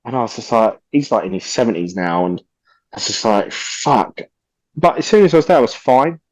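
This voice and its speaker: A man's voice: mid-range voice, sing-song, fast, darkish tone, no echo. A man, a podcast guest telling stories casually, animatedly acting out quotes and swearing freely.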